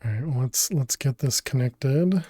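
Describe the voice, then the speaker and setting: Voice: mid-range voice, unhurried, dark tone, no echo. A game streamer talking through a build during a live stream, muttering and restarting sentences as they think aloud, from a home room on a desk microphone. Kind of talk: casual live-stream gameplay commentary.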